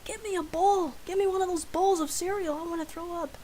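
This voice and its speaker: A woman voicing her whiny, panicky young female roommate in a shrill, demanding tone. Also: steady tone, fairly quick, warm tone, a little hiss or hum. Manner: shrill, demanding, high-pitched.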